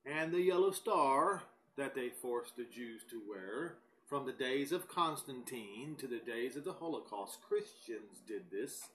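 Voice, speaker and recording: A man giving a recorded Bible teaching, speaking deliberately and with emphasis, and reading scripture aloud. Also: medium pitch, expressive, fairly bright tone, slight background noise, poor audio. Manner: slow, deliberate and emphatic, pausing between phrases.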